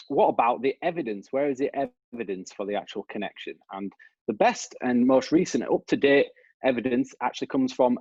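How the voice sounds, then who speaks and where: A man's voice: medium pitch, darkish tone, breathy edge, dry recording, lo-fi sound. A man with a Yorkshire accent giving a conversational academic presentation over a video call. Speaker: researcher giving a talk.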